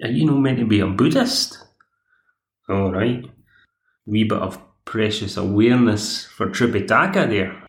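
A man's voice: on the low side, lively intonation, a little slow. A man, chatting through an episode recap as podcast host. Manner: chatty, digressive. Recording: echoey room.

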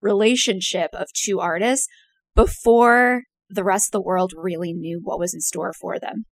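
A woman's voice: mid-range voice, fairly even intonation, normal speed, dry recording. A woman hosting a casual chat. She sounds enthusiastic and laughs often.

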